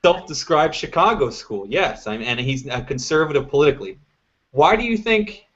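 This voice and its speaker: A man's voice: on the high side, lively intonation, moderate pace, a bit bright. A man hosting a live political panel show, talking in an opinionated, emphatic and rambling way. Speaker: show host. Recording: lo-fi web stream audio.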